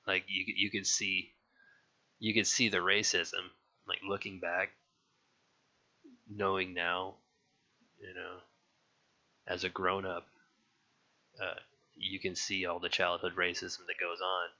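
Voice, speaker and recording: Man, very low voice, bright edge, rambling and frank, dull lo-fi recording. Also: completely flat delivery, slow pace, long pauses. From California. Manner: rambling, frank, profane, many restarts. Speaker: interviewee. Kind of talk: casual personal recollection. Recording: dull lo-fi sound.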